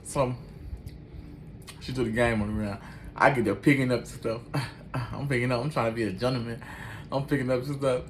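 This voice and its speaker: A man's voice: mid-range voice, normal speed, pauses often. A man spinning a personal story in loose, slangy street talk, his voice sitting right in the middle for a guy. He acts out each exchange as he goes. A faint hiss runs under the recording. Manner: animated, acts out every line of dialogue.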